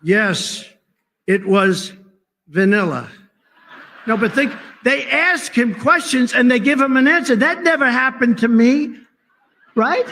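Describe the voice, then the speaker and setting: A man's voice: extremely high pitch, normal speed, sharp tone, slight background noise. A man giving a rambling, off-the-cuff political speech at a conference, full of sarcasm and digressions.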